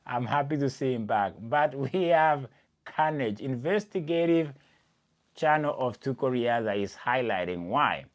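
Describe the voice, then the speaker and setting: An animated man from Kenya gives casual athletics commentary as a podcast host. His pitch swings widely while he presses each point. He keeps calling the listener "my friend" and talks to them directly. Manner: animated and emphatic, speaks straight to the listener as "my friend".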